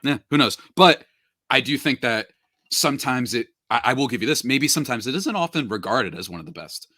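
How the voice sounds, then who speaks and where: Upbeat podcast host with a bright voice. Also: male voice, medium pitch, animated, fairly quick, no room sound. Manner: laid-back, joking, filler-heavy. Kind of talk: casual podcast chat.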